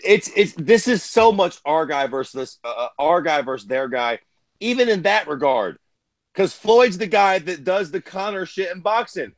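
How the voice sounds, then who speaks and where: An excitable man talking fights with a co-host, loud, emphatic and profane. His voice sits a bit high for a man. The sound is dry and close, with no room around it. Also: normal speed, no echo. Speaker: podcast co-host. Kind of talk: casual fight talk.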